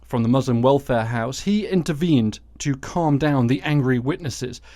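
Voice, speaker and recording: A man's voice: mid-range voice, moderate pace, warm tone, dry recording. Sarcastic man hosting a news podcast. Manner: sarcastic, dry asides. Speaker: podcast host. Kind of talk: satirical news commentary.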